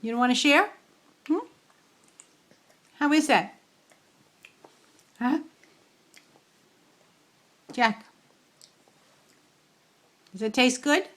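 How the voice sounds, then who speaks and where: A woman's voice: high-pitched, extremely slow, pauses often, a bit bright. An older woman, a grandmother, doting on her small grandchild with coaxing sing-song baby talk at home.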